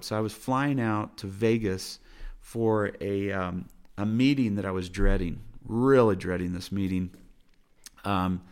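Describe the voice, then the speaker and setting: A man preaching a sermon from his family's dinner table, earnest and exhorting, driving points home with repeated phrases. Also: fairly low pitch. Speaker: pastor.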